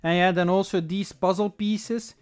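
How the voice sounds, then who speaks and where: A chatty livestream host opening card packs and talking straight to the viewers. The voice is smooth and clean, pitched in a middling range. Talks loosely, thinks aloud and corrects itself mid-sentence. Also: fairly even intonation, moderate pace, faint music behind. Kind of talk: casual livestream chat while opening packs.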